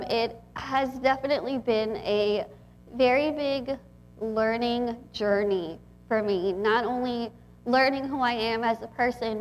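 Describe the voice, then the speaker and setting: A young woman in her twenties from Texas speaks to a gathering as a guest speaker. She talks in a chatty, heartfelt way, and her voice sits a little high. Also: slight background noise. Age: 20s. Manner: chatty, warm and emotional, with frequent laughs. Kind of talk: inspirational talk to an audience.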